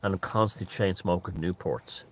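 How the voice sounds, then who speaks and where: A man's voice: deep voice, normal speed, a little hiss or hum. A man telling a rambling story in casual talk, repeating phrases and restarting often. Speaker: author and storyteller.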